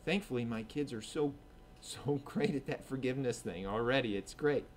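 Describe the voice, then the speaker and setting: A man preaching a sermon as pastor at a church service, earnest and swinging between emphatic and hushed delivery. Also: medium pitch, moderate pace, slight background noise.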